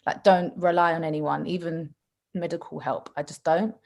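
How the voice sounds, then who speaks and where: A woman's voice: deep voice, moderate pace, vocal fry. A young woman chatting casually on a podcast, telling stories animatedly and acting out what others said. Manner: animated storytelling, laughs often, acts out quotes. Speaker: podcast co-host. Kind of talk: casual chat.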